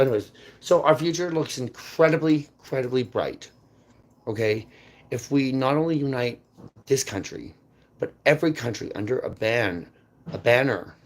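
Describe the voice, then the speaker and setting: A man delivering an intense, rambling monologue that jumps between topics, repeats words and swings sharply in loudness. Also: mid-range voice, creaky. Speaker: channel host. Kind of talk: rambling unscripted monologue to camera.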